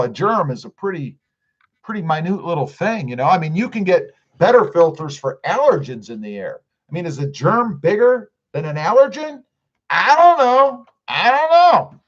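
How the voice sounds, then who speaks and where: A middle-aged man hosts a relaxed live stream, reading chat comments out loud and joking back at them. His voice sits a bit high and moves all over the place. The audio sounds dull and lo-fi. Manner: chatty, jokey, reads comments aloud. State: clearing his throat.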